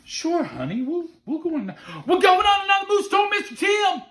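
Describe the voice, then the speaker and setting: Man doing a beaming young mom, high and sweet, indulgent. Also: huge pitch swings, moderate pace, reverberant. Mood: cheerful. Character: cheerful young mother, warm and indulgent. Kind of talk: storytelling with acted dialogue.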